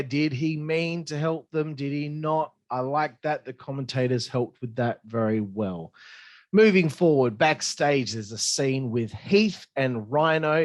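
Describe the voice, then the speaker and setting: A man giving a blunt, profanity-heavy solo review of a wrestling show, excitable and opinionated. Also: mid-range voice, no echo. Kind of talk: casual solo review monologue.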